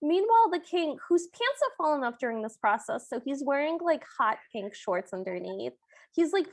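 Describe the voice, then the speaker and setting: A woman's voice: sits high, very animated, moderate pace. A woman co-hosting a podcast, chatting through a movie recap and voicing the characters' lines. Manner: bubbly, chatty retelling with voiced quotes. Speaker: podcast co-host. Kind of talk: casual movie recap chat.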